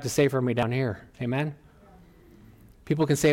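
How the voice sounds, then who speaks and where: A middle-aged man preaching a sermon as pastor, animated and emphatic, often rising in pitch and volume. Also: moderate pace, pauses often. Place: church.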